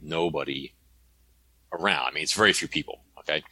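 A man telling stories as an interview guest, animated and tagging his points with "okay?". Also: a bass voice, a little fast, slightly rough, dry recording. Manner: animated, tags statements with "okay?". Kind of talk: conversational storytelling.

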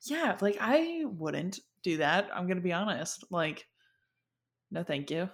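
Animated young woman retelling a story. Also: lowish voice, measured pace, creaky. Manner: animated storyteller, filler-heavy speech. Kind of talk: casual chat retelling a story.

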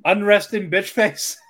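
A podcast co-host with a high, slow voice that's a bit bright and husky casually recaps episodes, rambling as he goes. He swears and laughs while acting out the characters' lines.

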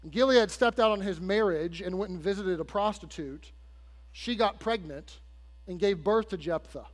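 A man with a high voice preaches in a church, and his words ring out with a long hall reverb. He tells the story in a loose, chatty way, talks straight to the congregation and slips into the voices of the people in it. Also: moderate pace. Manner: conversational storytelling, addresses the congregation directly; acts out quoted characters with shifts in pitch and loudness. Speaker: pastor. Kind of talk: sermon. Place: church sanctuary. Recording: long hall reverb with faint mains hum.

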